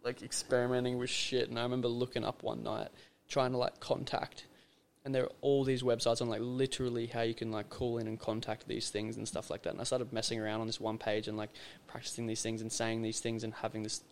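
A man's voice: mid-range voice, monotone, brisk. A young man, a podcast guest chatting casually and telling stories in a loose, rambling way. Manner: rambling, loose storytelling with many fillers. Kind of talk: casual conversation.

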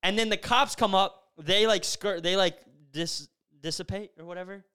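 A young male podcast host with a high, smooth and resonant voice. He tells a story in relaxed, animated chat and leans on casual fillers. His delivery is loose and conversational. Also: moderate pace. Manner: animated, filler-heavy storytelling with frequent "bro" and "like".

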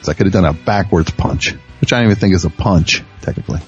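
A man's voice: low voice, quick pace, muffled recording, faint music behind. Rambling man in a comic monologue. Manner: rambling, self-mocking, many restarts. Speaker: radio show host.

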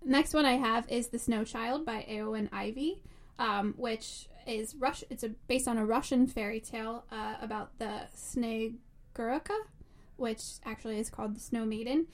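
A woman's voice: a little high, steady tone, moderate pace. A woman co-hosting a casual book podcast, enthusiastic and rambling, often giggling. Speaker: podcast co-host.

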